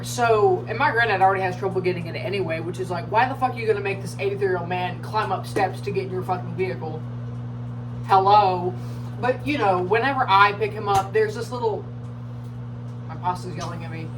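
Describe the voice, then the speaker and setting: A woman's voice: mid-range voice, far from the mic, noisy background. Young woman ranting, heavy swearing. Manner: heavy swearing, exasperated, rambling asides. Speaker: vlogger. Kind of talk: casual storytelling rant.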